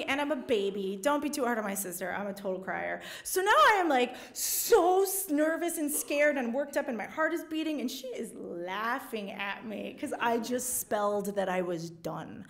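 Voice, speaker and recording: Animated woman telling a funny story on stage. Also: on the high side, normal speed, gravelly, hardly any pauses. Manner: animated, self-deprecating, acts out quotes. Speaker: reporter. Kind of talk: live storytelling to an audience. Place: stage before a live audience.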